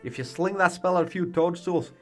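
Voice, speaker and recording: A man voicing a gruff, folksy Scottish man from a video game in an imitated Scottish accent, reading the lines in a brusque, chummy way. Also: sits high, brisk, a bit bright, soft background music, pitched above the performer's own voice. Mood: instructive. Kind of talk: reading game dialogue aloud in a put-on voice.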